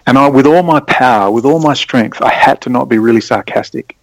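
A man rambling through his stories, prone to sudden excited bursts. His voice has a gravelly fry and sounds close and dry, with almost no room around it. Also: mid-range voice, a little fast, dry recording, rough recording. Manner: rambling, excitable storytelling with sudden animated spikes. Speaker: podcast guest. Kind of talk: casual conversation.

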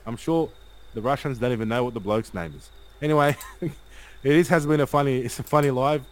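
A man's voice: medium pitch, brisk, rough recording. A man hosting a casual live stream, reading viewer comments aloud and rallying his audience.

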